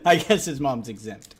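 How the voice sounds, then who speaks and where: A man's voice: medium pitch, noisy background. Wry man chatting through a live reaction. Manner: wry, joking asides. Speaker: livestream host reacting to a video. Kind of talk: casual reaction chat.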